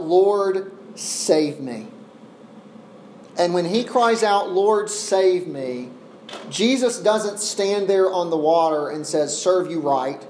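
Earnest preacher in an echoey church. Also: male voice, high-pitched, darkish tone. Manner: earnest, with deliberate slow pauses for emphasis. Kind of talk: expository sermon. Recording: echoey room with faint ambient noise.

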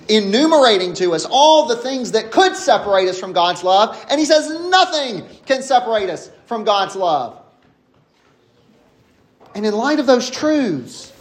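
Emphatic high-voiced male preacher. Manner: emphatic, rising and falling in pitch, slowing on key phrases. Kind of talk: expository sermon.

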